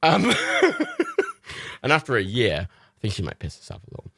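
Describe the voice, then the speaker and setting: A man's voice: lowish voice, very animated, quick pace, fairly bright tone, no room sound, clean studio sound. A man hosting a livestream, a little tipsy, rambling casually with lots of laughter and swearing. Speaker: livestream host. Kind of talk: casual chat.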